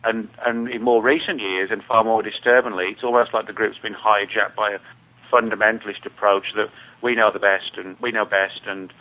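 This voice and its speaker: A man's voice: lowish voice, steady tone, moderate pace. Englishman on a tinny phone line. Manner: rambling, many "you know"s and restarts. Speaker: guest researcher. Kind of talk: casual interview talk.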